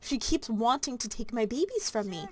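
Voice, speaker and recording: A woman's voice: on the high side, very animated, normal speed. A woman voicing an unhinged, possessive mother who snaps defensively. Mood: snapping. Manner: snapping, defensive. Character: unhinged possessive mother clutching her babies.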